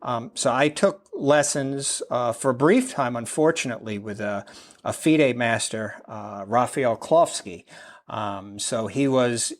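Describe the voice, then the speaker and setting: A man's voice: medium pitch, lively intonation, a little slow. A middle-aged American man talking casually as a podcast guest, rambling with many fillers and frequent laughs. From United States. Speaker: podcast guest, amateur chess player. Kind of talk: casual interview talk.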